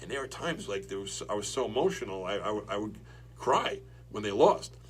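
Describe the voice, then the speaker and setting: A man hosting a podcast, telling long stories with lots of restarts and excited jumps. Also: lowish voice, a little fast. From Long Island, New York. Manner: rambling, excitable storytelling with many restarts. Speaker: podcast host. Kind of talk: casual chat.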